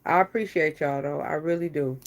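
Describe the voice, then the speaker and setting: A woman's voice: low voice, fairly quick, noisy background. A woman chatting casually on a live stream, teasing and talking straight to her viewers.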